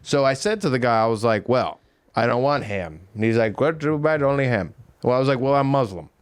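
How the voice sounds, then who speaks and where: A young man chatting on a comedy podcast in a middle-pitched voice, spinning a jokey story with a dry delivery. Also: animated, fairly quick, clear, resonant tone. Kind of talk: casual comedic chat.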